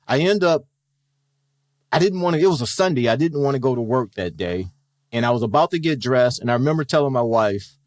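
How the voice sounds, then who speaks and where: A man's voice: medium pitch, dry recording, clean studio sound. A middle-aged man, a retired police officer, telling stories in a casual interview and acting out the voices in them. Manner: animated storyteller who acts out quoted dialogue.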